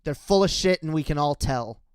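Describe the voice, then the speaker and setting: Man, political commentator, profane, stammering restarts, heated rant, high pitch. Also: animated, fairly quick, smooth, no echo. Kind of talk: casual ranting commentary.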